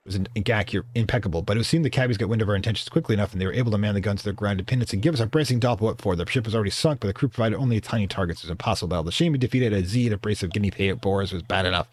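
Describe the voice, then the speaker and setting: A man with a fairly low voice hosts a let's play, reading the game's text aloud at a rapid-fire clip with hardly any pauses. He stumbles over words and corrects himself, dropping casual remarks in between, and the character he's voicing is a shy male albino rat tinker.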